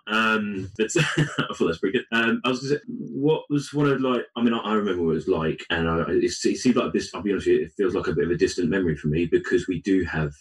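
A man's voice: low-pitched, a bit bright. A male divorce coach talking in a chatty, good-humored way, with many restarts, in a casual conversation. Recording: voice a bit far from the mic.

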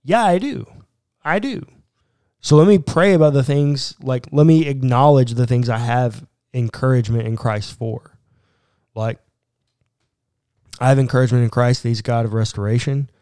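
A man's voice: mid-range voice, moderate pace, warm tone, smooth, no echo, studio quality. A man co-hosting a casual chat about prayer and faith, joking and thinking aloud as he talks. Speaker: podcast co-host.

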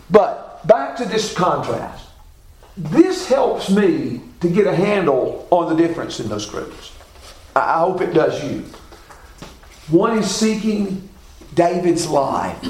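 A man's voice: sits high, roomy sound, slight background noise, poor audio. A man teaching a Bible class, asking his listeners questions and repeating key phrases.

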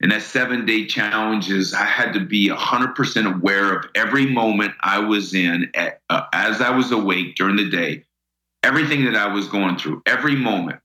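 A man's voice: on the low side, normal speed, sharp tone, echoey room, poor audio. A middle-aged man telling an earnest personal story as an interview guest, often repeating words as he starts a sentence.

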